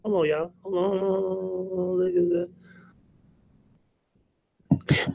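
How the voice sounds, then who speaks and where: Male livestream host, animated and profane, talks close to a dry mic. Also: high-pitched, slow pace, vocal fry, pauses often, dry recording. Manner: profane, joking banter, greets chatters. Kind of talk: casual livestream commentary.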